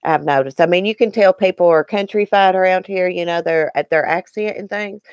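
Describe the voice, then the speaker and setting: Middle-aged southern appalachian lady chatting with her viewers, low voice, dry close sound, folksy. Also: brisk, a little mellow, no room sound. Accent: Southern Appalachian (Southwest Virginia). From Southwest Virginia, grew up partly in Eastern Kentucky. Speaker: livestream host. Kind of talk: casual chat with live viewers.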